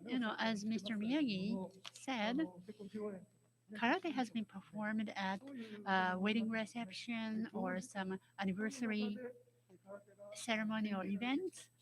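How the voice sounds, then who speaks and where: A woman speaking as a panelist at a symposium, measured and explanatory, often adding "you know". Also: fairly high pitch, low-quality recording. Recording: crowd murmur behind.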